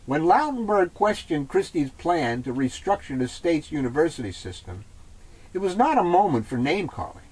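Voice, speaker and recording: Male co-host, measured reader, husky and fairly high, lively pitch. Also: rough recording. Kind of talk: reading an article aloud, then casual chat.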